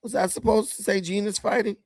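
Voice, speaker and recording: A man's voice: high-pitched, fairly even intonation, a little fast, no echo. A man hosting casual political commentary, mocking and laughing, with slangy speech and repeated words. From United States.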